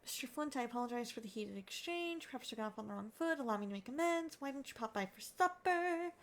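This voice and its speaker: Life-sim game character: an earnest, courteous young man, read by a woman with a high voice. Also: expressive, quick pace. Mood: earnest, pleading. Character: polite, anxious young man. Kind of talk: reading game dialogue aloud.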